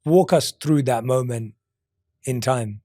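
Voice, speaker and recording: A man in a mid-range voice hosts a podcast conversation. He asks reflective, gently probing questions, leaning on casual fillers. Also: medium pitch, slow. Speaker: podcast host. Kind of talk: podcast interview.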